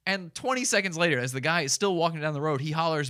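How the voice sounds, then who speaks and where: A man's voice: a little high, brisk, a bit bright, dry recording, studio quality. A man hosting a live stream, commenting casually and animatedly, often laughing between lines.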